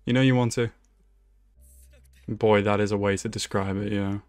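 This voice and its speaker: A man's voice: lowish voice, steady tone, normal speed, darkish tone, clear, resonant tone, no room sound, faint music behind. A young man hosting an anime reaction video, talking casually and emotionally, swearing and laughing often. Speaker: anime reaction channel host.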